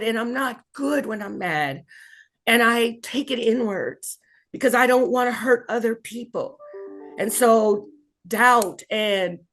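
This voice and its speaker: A woman, a cancer survivor, telling her own story in an interview with emphatic, expressive delivery and frequent laughs. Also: mid-range voice. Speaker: colorectal cancer survivor and patient advocate.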